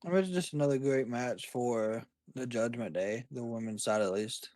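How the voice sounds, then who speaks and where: A man's voice: medium pitch, normal speed, dark tone, no echo. A man co-hosting a casual wrestling chat, enthusiastic and chiming in with short agreements and opinions. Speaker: podcast co-host.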